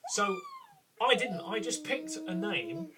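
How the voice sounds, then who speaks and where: A man's voice: extremely high pitch, wildly swooping pitch, slow, distant mic. A middle-aged man from the UK, a game master hosting a chatty, self-deprecating tips talk. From United Kingdom.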